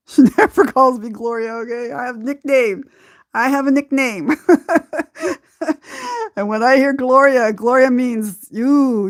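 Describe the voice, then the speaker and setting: A woman from Southern California hosting a podcast, telling a personal story slowly and from the heart, often breaking into laughter. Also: on the high side, dry recording, studio quality. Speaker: podcast host.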